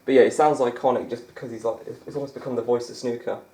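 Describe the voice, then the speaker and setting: A man's voice: medium pitch, fairly even intonation, very fast, mellow, roomy sound. Chatty young man rambling over gameplay. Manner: rambling, chatty, laughs often. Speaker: gaming YouTuber. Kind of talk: let's-play commentary.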